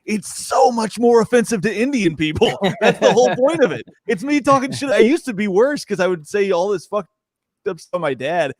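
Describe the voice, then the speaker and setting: A man's voice: sits high, a little fast, no echo, clean studio sound. Laughing young man telling comedy stories. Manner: animated, laughs often, repeats words. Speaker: stand-up comedian guest. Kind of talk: casual podcast chat.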